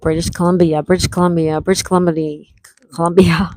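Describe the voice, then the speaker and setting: A woman's voice: fairly low pitch, flat delivery, fairly quick, mellow, no echo, poor audio. Chatty woman hosting a live trivia stream. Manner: reads questions twice, greets players by name. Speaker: trivia game host.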